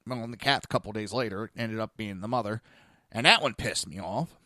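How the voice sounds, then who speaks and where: A man's voice: on the low side, brisk, sharp tone, dry recording, studio quality. A man hosting a podcast, telling a blunt, profane story in a casual monologue. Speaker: podcast host. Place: lives in Florida.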